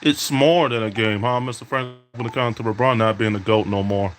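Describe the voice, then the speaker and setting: A man's voice: medium pitch, steady tone, brisk, a little hiss or hum. A man giving trash-talking play-by-play while playing a basketball video game, mixing mock announcer calls with taunts at his opponent.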